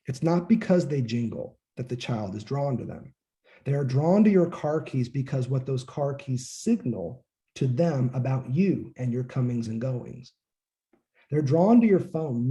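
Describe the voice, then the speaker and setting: Man lecturing casually, very dark mellow tone, relaxed and conversational, drops the odd curse word. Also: mid-range voice. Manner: casual, conversational, acts out quoted voices, occasional profanity. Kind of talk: informal lecture.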